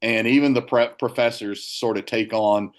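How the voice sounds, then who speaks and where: A man's voice: on the low side, fairly even intonation, moderate pace. A man, a sports reporter, chatting casually and retelling players' quotes.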